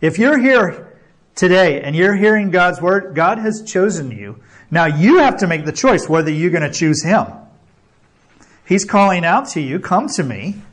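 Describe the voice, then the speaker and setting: A male pastor preaching with a notably high-pitched voice. He is earnest and exhorting, and keeps checking in with his listeners with a quick "okay?" or "right?". He builds emphasis by repeating phrases over and over. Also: lively intonation. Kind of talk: sermon.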